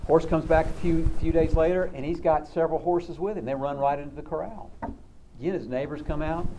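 A man's voice: on the high side, a little fast, background noise. A man counselor giving a sermon-like talk, conversational and storytelling, often repeating words.

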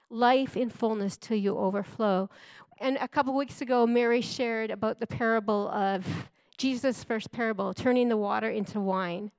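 A woman's voice: on the high side, no echo. A middle-aged woman preaching a sermon in an earnest, emphatic way, repeating key phrases for stress.

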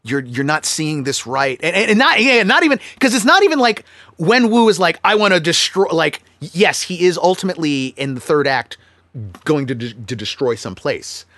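A man co-hosting a casual film-review chat, talking animatedly with quick restarts and acting out characters' lines. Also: on the high side, sing-song, bright, forceful tone, dry recording. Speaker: podcast co-host.

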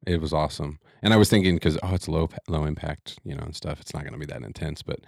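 Man, very deep voice, podcast co-host, casual studio chat, dry close sound. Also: fast talker, creaky, dry recording. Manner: laughs often, asks curious questions.

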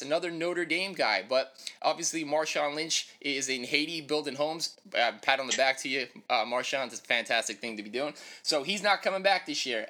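A man co-hosting a sports podcast, giving brisk, opinionated, jokey takes in casual chat. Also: fairly high pitch, sharp tone. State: winded. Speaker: podcast co-host.

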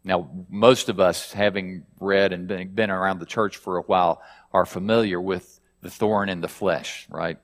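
A man's voice: low voice, steady tone, moderate pace, long reverb tail. A male pastor preaching a sermon, reading scripture aloud with rising emphasis and asking his listeners questions.

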